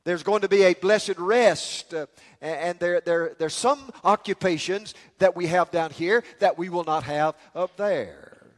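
A man's voice: high voice, a little slow. An older man preaching a sermon in a folksy, rambling way, with many restarts and jokes. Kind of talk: sermon with humorous stories. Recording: long hall reverb.

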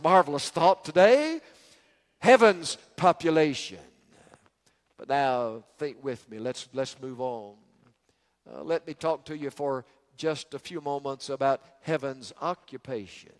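A man's voice: fairly high pitch, animated, unhurried. Folksy older man preaching in a hall. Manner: folksy, rambling with many restarts. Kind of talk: sermon with humorous stories. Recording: long hall reverb.

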